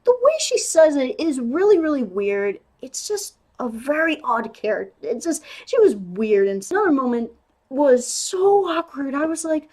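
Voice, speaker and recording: A young woman giving a casual spoken movie review, chatty and animated, with lots of "like"s and restarts. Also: sits high, normal speed.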